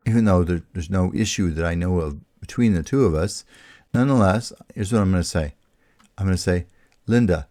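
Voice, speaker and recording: A man's voice: lowish voice, vocal fry, darkish tone. A man hosting a radio talk show, talking casually and rambling to his listeners about a healing prayer, often restarting his sentences.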